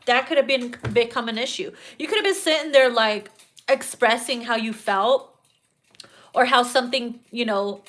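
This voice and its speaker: A woman's voice: a little high, a bit bright. A young adult woman giving a casual tarot reading, sassy and profane, often breaking into laughter at her own jokes. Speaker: tarot reader.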